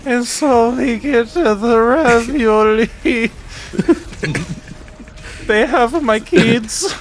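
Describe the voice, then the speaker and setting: A man voicing a glum, unenthused cartoon plumber turned cooking-show chef, using a put-on Italian accent and a flat, sluggish delivery. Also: extremely high pitch, extremely slow, a little hiss or hum, pitched above the performer's own voice, exaggerated voice. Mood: dejected.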